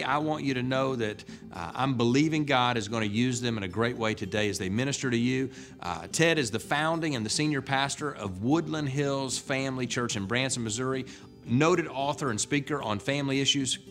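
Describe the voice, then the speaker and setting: A man, a pastor, introducing a guest speaker to his congregation in an earnest, halting way. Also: medium pitch, fairly bright tone. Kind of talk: church announcement.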